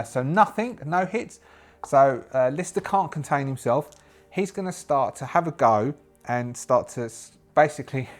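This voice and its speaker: A British man running a solo tabletop game, hesitant and thinking aloud with many fillers and restarts. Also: medium pitch. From Britain.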